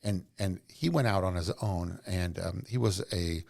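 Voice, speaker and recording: Middle-aged guy rambling through his business stories on a podcast, super low voice. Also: normal speed, creaky, darkish tone. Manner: earnest, rambling anecdotes. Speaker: podcast guest, entrepreneur. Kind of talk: casual storytelling interview.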